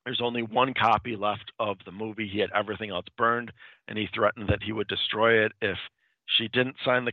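A man with a lowish voice talks through a comic book storyline in a casual, rambling recap, linking one event to the next. The sound is thin and tinny like a phone line, with no room echo at all. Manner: rambling, loosely strung retelling. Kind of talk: casual spoken plot recap.

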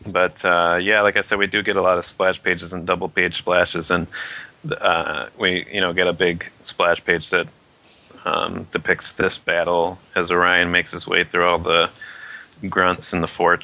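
Low, gravelly male co-host; bright edge, halting casual delivery. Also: dull audio. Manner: rambling, halting with fillers. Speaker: comic book podcast co-host. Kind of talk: casual discussion.

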